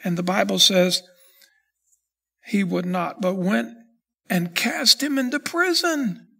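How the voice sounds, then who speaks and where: Gravelly high-voiced preaching man. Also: sharp tone. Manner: reads scripture slowly, then preaches with rising intensity. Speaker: pastor. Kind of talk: sermon.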